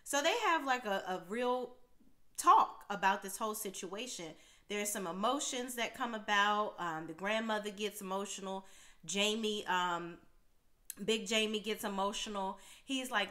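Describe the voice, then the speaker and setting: Bright, chatty woman recapping reality TV. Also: mid-range voice, measured pace. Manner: talkative, punctuates points with "okay?". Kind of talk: casual chatty commentary.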